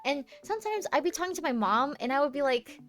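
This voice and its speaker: A woman's voice: sits high, lively intonation, quick pace, a bit bright, soft background music. A young American woman streaming live, chatting casually and playfully with many restarts. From United States.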